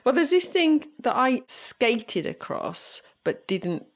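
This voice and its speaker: A woman co-hosting a casual podcast chat, playful and quick to laugh. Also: on the high side, big pitch swings. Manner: playful, laughs between remarks. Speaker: podcast co-host.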